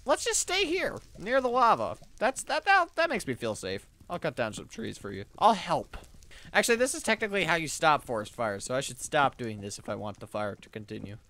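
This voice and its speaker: A young adult playing a video game alone and commenting, excitable, talking to the game's animals and yelping when startled. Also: mid-range voice, a little fast. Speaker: let's play gamer.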